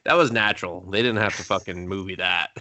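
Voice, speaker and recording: A man co-hosting a casual movie review podcast, swearing often and acting out scenes in quick put-on voices. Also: low voice, sharp tone. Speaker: podcast co-host. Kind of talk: casual film review chat.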